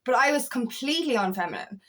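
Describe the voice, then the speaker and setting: A woman with a fairly high voice gives a raw motivational monologue as an empowerment coach. She swears freely, rambles and restarts her thoughts, and speaks in a candid, confessional way. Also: expressive, fast.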